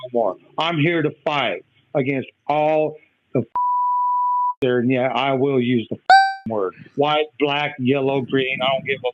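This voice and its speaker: A man's voice: medium pitch, unhurried. A man, a father of a missing child, ranting in heated, profane bursts on a live stream. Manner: heated, profane, repeating himself. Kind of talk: angry live-stream rant. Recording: dull lo-fi stream audio.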